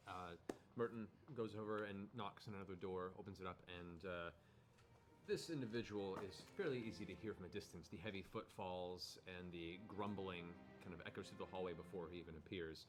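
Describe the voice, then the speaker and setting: A man narrating as game master of a tabletop game, relaxed and halting, with many fillers. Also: low voice, soft background music.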